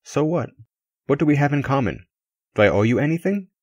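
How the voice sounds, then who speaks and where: A man's voice: lowish voice, animated, brisk, no echo. A man reading aloud and voicing a bitter, suspicious, tormented male spirit with a sarcastic, defiant edge.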